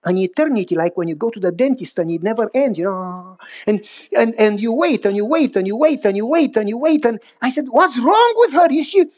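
Animated storytelling male pastor. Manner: animated, pitch swings up for emphasis, repeats phrases. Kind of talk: sermon with personal storytelling.

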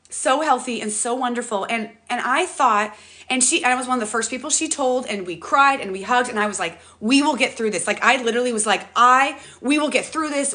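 Fast-talking, bright-voiced woman livestreaming. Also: medium pitch. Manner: fast, rambling, restarts often; emotional and animated. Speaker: livestream host. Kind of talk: casual livestream chat. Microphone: tablet mic, close.

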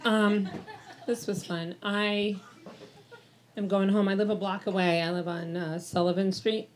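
A woman's voice: mid-range voice, steady tone, a little slow. A woman in her fifties doing a stand-up routine in a comedy club, telling brash, profane, self-mocking stories. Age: 50s. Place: comedy club in front of an audience. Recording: live club recording with audience noise. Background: audience laughter.

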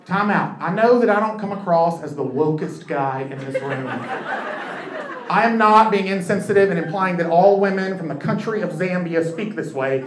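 A man performing a stand-up comedy set on a club stage, telling stories in a quick, conversational way. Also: high-pitched. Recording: echoey club with crowd and noise.

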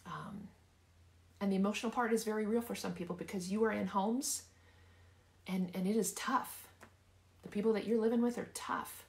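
A middle-aged woman pastor giving a sermon, earnest and repetitive, sometimes dropping to a soft near-whisper for emphasis. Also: mid-range voice, steady tone, moderate pace, pauses often, reverberant.

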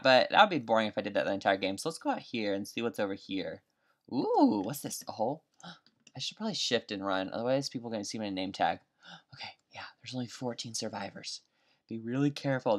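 Young male gamer, lively let's-play commentary, pitch all over the place, whispers to yelps. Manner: excitable, jumps between chatter, whispers and shrieks. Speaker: gaming video creator.

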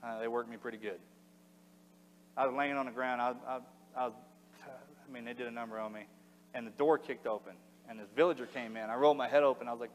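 A man tells a story to an audience in a blunt, casual way, full of slang and restarts. He talks fast at a mid pitch. The sound carries the long reverb of a big hall. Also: steady tone, a little hiss or hum. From United States. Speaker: former soldier giving a speech. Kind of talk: public speech, storytelling.

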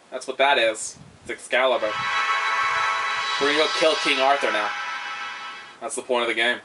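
A man's voice: medium pitch, fairly even intonation, normal speed, long pauses, sharp tone. A young man giving casual, rambling commentary on a video game he is playing, joking and swearing as he goes. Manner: rambling, joking, profane, silly asides. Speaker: let's play commentator. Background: game music.

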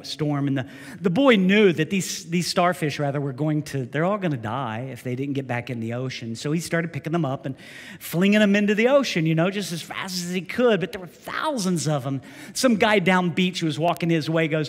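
A male pastor preaching a sermon in a church, emphatic and animated, often repeating short phrases. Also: mid-range voice, in a large hall. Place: church sanctuary.

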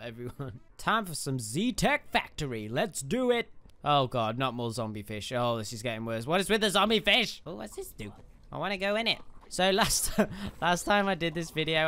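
Excitable man, lively bright voice. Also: fairly high pitch, slight background noise. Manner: excitable, exclaiming, laughs often. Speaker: gaming YouTuber. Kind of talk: gameplay commentary.

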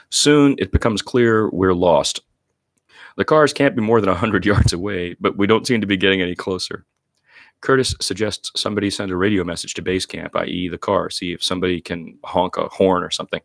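Low-voiced male reader, deadpan, for literary nonfiction in a close, dry sound. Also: dry recording. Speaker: reader of a longform essay. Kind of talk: live reading of literary nonfiction.

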